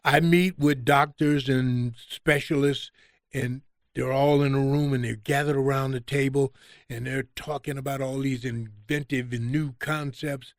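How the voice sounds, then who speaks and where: A man's voice: mid-range voice, steady tone, unhurried, no echo, clean studio sound. A man, a podcast guest, talking conversationally and acting out quoted exchanges in a raised voice. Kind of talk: conversational storytelling.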